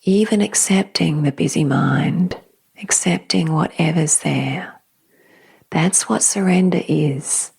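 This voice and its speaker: A woman hosting a spiritual podcast, speaking softly and slowly in a whispery, reflective way. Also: low voice, vocal fry, breathy edge. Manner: soft, slow, often whispery and emotional. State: tearful at times. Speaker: podcast host.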